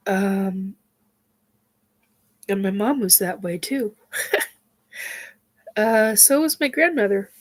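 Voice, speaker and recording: A woman with a medium-pitched voice hosts a casual spiritual chat. She speaks haltingly, full of fillers and sighs, her nose stuffed up from crying.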